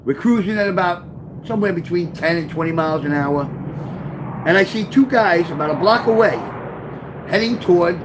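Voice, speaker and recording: A man reading his own memoir aloud, telling the story with lively, offhand asides. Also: high voice, normal speed, background noise. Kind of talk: first-person memoir storytelling.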